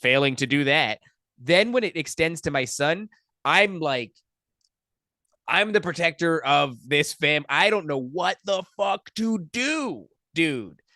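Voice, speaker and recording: A young adult man, a podcast guest, telling a personal story in a profane, animated, casual way. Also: fairly high pitch, takes it slowly, no echo, clean studio sound.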